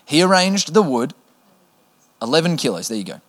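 A man's voice: fairly high pitch, sing-song, normal speed, a bit bright. A male preacher reading scripture aloud in a sermon, with casual joking asides to the congregation.

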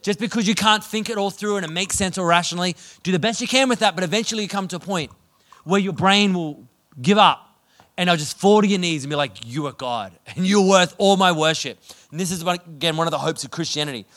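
A man preaching a sermon with a high-pitched voice. He talks in an energetic, conversational way, moving easily between teaching and stories. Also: fast. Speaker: pastor.

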